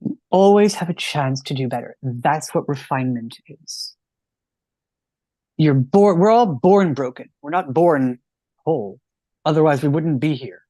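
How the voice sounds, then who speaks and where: A man's voice: on the high side, expressive, a little slow, warm tone, no room sound. Earnest man in his thirties, a rabbi teaching. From United States. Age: 30s. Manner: earnest, explanatory, with restarts. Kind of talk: teaching in a casual chat.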